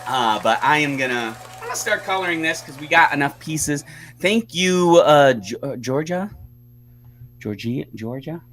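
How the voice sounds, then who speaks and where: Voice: mid-range voice, lively intonation, moderate pace, fairly bright tone, slight background noise. A livestream host and artist chatting casually to viewers while coloring, rambling with fillers.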